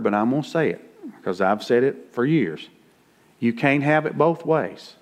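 Folksy middle-aged preacher man. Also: medium pitch. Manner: folksy, plain-spoken preaching with rising emphasis. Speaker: pastor. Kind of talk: conversational sermon.

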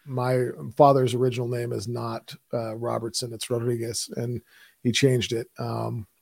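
Gravelly Texan man, casual co-host. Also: medium pitch, little pitch movement, normal speed, a little mellow, no room sound, clean studio sound. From Texas. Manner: laughs easily, loose and joking. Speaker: podcast co-host. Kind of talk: casual chat.

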